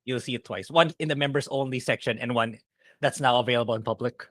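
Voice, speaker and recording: Bright-voiced man, halting casual chat. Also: medium pitch, no room sound, studio quality. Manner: halting, restarts words. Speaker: podcast co-host.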